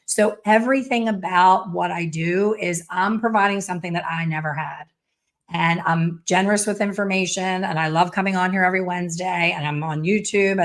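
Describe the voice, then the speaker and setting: A woman in her fifties with a lowish voice hosts a live stream as a hair color educator. She chats casually and bluntly, telling stories and slipping into sassy put-on voices.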